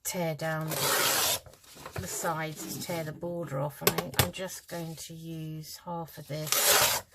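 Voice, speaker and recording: Older british lady, low voice, rambly crafting chat, kinda sleepy. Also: level tone, takes it slowly, heavy background noise. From United Kingdom. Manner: chatty and rambling, with many ums. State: yawning, tired. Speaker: craft vlogger. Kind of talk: casual chat while crafting.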